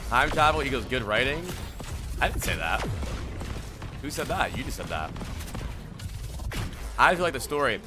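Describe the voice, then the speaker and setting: A man's voice: mid-range voice, big pitch swings, moderate pace, pauses often, music in the background. A young man from New Jersey, a streamer rambling in slangy casual chat while answering his viewers.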